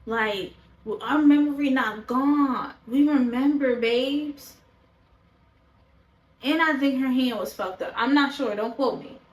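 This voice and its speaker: A woman's voice: high voice, takes it slowly, roomy sound, rough recording. Blunt, foul-mouthed woman reviewer. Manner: blunt, profane and opinionated. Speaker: show reaction vlogger. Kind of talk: casual review chat to camera. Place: indoors, talking to a camera.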